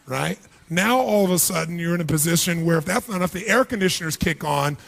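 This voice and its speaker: A man's voice: fairly high pitch, gravelly, fairly bright tone. A man giving a motivational seminar speech to a large live audience, firing rhetorical questions at them and acting out their inner voices. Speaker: motivational speaker.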